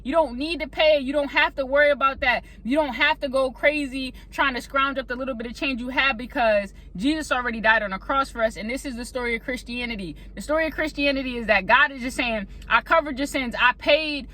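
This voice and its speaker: Bright-voiced woman telling a faith story. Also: high voice, fast talker, hardly any pauses. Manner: animated, acts out panicked voices, conversational. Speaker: faith vlogger. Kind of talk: casual storytelling monologue. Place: indoors at a laptop.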